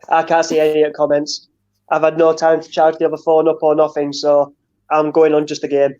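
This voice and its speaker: A man with a Northern English accent, his voice sitting a little high for a man. He chats casually about football and laughs a lot between quick bursts of talk. The sound is dull and lo-fi. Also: completely flat delivery, darkish tone. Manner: laughs often, rapid bursts. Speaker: co-host.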